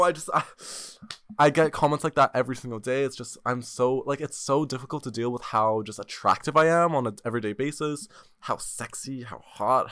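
A man's voice: medium pitch, fairly bright tone, dry recording, clean studio sound. A seventeen-year-old boy hosting a podcast on his own, chatting in a rambling, jokey, self-mocking way into a microphone. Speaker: podcast host. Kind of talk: casual solo podcast chat. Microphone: desk microphone.

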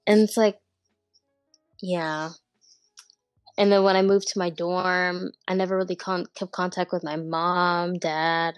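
A young woman in casual chat, speaking hesitantly with halting starts. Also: fairly low pitch, flat delivery, smooth, dry recording, faint music behind. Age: young adult. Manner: hesitant, halting, lots of fillers.

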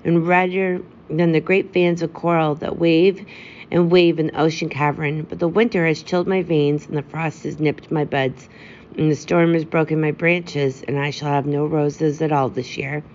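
A woman's voice: low-pitched, fairly even intonation, normal speed, darkish tone, lightly acted. A woman voicing a red rose tree in a fairy tale, speaking in a grave, solemn warning tone. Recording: dull lo-fi with faint hiss.

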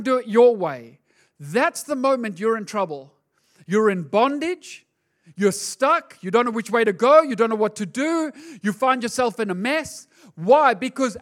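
A male pastor preaching a sermon in an animated, conversational way, acting out the voices he quotes. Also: extremely high pitch.

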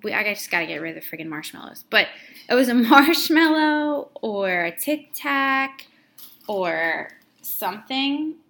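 Female co-host, mother, bright tone, blunt and candid storyteller. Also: fairly high pitch, big pitch swings, a little slow. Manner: candid storytelling, swears freely. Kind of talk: casual chat.

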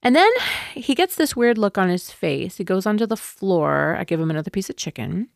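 A middle-aged woman telling a personal story in a rambling, conversational way, turning soft and tender at emotional moments. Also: lowish voice, lively intonation, fairly quick, gravelly, no room sound, studio quality. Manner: conversational, rambling with frequent fillers and asides.

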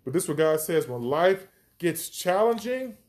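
A man's voice: a little high, big pitch swings, normal speed, darkish tone. A man hosting a podcast, teaching from the Bible with emphatic, reflective commentary as he reads scripture aloud.

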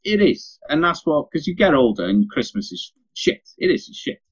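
A man's voice: a little high, normal speed, breathy edge, muffled recording. A young father, telling stories in a casual podcast chat, swearing freely. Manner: sweary, animated anecdote teller.

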